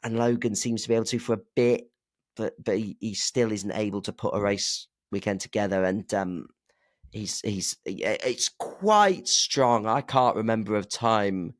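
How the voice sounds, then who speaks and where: On a podcast he co-hosts, a man with a lowish voice chats casually and speculates at a moderate pace. He's chatty and keeps interrupting himself to restart sentences, and the recording is clean studio quality with no room sound.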